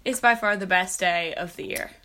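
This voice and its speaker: A woman's voice: on the low side, moderate pace, bright, forceful tone. A teenage girl co-hosting a podcast in casual chat, bubbly, joking and self-assured. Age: teens. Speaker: podcast co-host.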